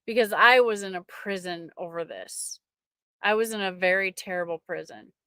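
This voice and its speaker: A middle-aged woman sharing a personal faith testimony with an online audience, emotional and halting, often restarting her sentences. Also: mid-range voice, pushed and bright, clean tone, dry recording, clean studio sound.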